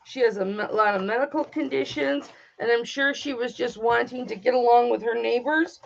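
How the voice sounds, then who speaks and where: A woman's voice: a little high, fairly even intonation, moderate pace, gravelly. A middle-aged woman with a Michigan accent, hosting a livestream in casual chat, blunt, profane and emotional. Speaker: livestream host. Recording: dull lo-fi livestream audio.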